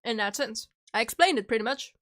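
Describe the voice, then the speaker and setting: Young woman, higher voice, casual livestream chat, rambling, joking, munching candy. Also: lively intonation, fairly quick, a bit bright. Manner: rambling, joking, chewing candy while talking. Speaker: streamer.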